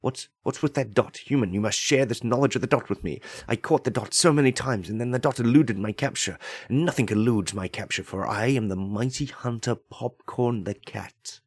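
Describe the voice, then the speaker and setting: A man's voice: medium pitch, moderate pace, husky, dry recording. A man voicing a pompous, self-important male house cat in a comedic monologue, with grand, haughty, formal speech.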